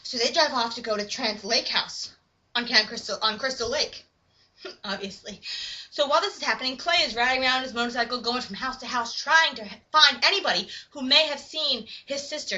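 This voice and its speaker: Young woman, excitable, high bright voice, muffled lo-fi sound. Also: brisk. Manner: excitable, acts out sound effects and dialogue. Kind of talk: casual movie retelling. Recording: muffled lo-fi recording.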